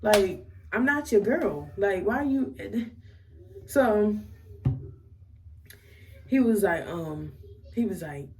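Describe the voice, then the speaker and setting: A young woman with a Maryland accent, telling a casual storytime to her camera in a slangy, animated way. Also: medium pitch, slow, long pauses, recorded from a distance, rough recording. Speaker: vlogger.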